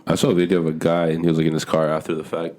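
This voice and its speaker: A man's voice: a bass voice, completely flat delivery, racing, a little mellow, a little hiss or hum. A man co-hosting a podcast in casual chat, laid-back and agreeable. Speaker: podcast co-host.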